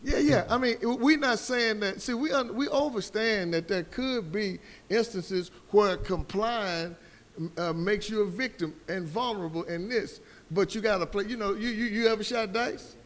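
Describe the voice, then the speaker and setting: A man's voice: high voice, moderate pace, a bit bright, big-room sound. A man on a live debate panel, telling a personal story with fervor and calling his listeners brother like a preacher.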